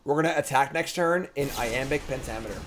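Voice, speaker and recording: A man's voice: mid-range voice, fairly quick. A young man giving casual, joking commentary while he streams a card game. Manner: joking, talks to himself and the opponent. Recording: background noise.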